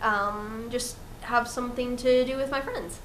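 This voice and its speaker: High-voiced woman hosting a cast Q&A. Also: steady tone, background noise. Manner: brisk, wraps things up, many fillers. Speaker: podcast director and host. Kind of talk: casual cast Q&A chat. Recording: roomy echo.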